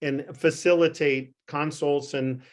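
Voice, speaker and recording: An older male physician with a slightly high, steady voice tells a rambling, self-deprecating anecdote to a group on a video call. He speaks unhurriedly, restarting often and chuckling.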